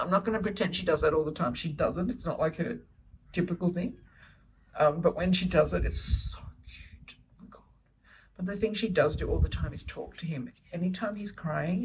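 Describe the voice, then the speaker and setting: A woman's voice: fairly low pitch, recorded from a distance, a little hiss or hum, low-quality recording. A middle-aged woman chatting to camera about her children in a gushing, chatty way, recorded at home. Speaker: vlogger, solo mother. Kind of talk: casual chat to camera. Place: home, indoors, baby asleep nearby.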